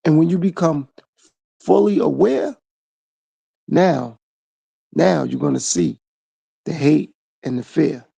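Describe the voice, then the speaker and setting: A man's voice: a little high, takes it slowly, creaky, pauses often, mellow, slightly rough, no room sound. A man hosting his own podcast, talking through a reflective solo monologue full of repeated phrases and rhetorical questions. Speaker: podcast host.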